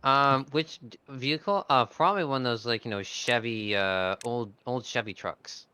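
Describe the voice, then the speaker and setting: Brief: man, hesitant and giggly, bright edgy tone. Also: medium pitch, moderate pace, clean tone, no room sound. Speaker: group chat participant. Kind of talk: casual group chat while gaming.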